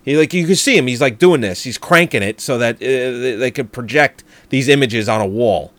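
A man's voice: medium pitch, normal speed, a bit bright, dry recording. Hesitant man, dry close sound. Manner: hesitant, trailing off, skeptical. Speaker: podcast co-host. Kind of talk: casual film-review chat.

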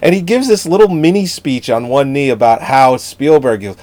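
A podcast co-host with an Italian-American family background jokes, swears and tells lively stories during a casual movie review chat. His voice sits at medium pitch and moves at a moderate pace with hardly any pauses, and there's no room sound.

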